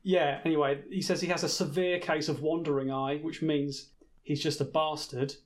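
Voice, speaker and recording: A man's voice: fairly high pitch, flat delivery, moderate pace. A man co-hosting a podcast, chatting casually and dryly reading from his notes, often stammering and laughing along. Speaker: podcast co-host. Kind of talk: casual comedic chat, recapping from notes.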